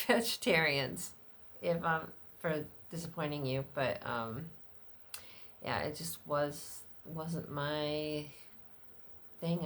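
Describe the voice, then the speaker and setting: A middle-aged woman vlogger chats unscripted about her personal life, rambling candidly with fillers and an occasional swear word. Her voice is fairly bright with a slight hiss or hum, and she mimics other people's lines in a much higher voice.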